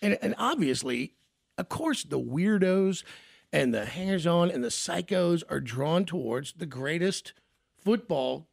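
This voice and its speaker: A man's voice: high-pitched, vocal fry, no echo, clean studio sound. A male radio host in casual talk, joking and self-deprecating.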